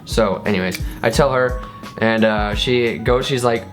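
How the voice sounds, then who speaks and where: A man's voice: on the low side, unhurried, faint music behind. A young man in his twenties co-hosting a casual story time chat, joking and teasing. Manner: joking, teasing, acts out loud shouts. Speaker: co-host.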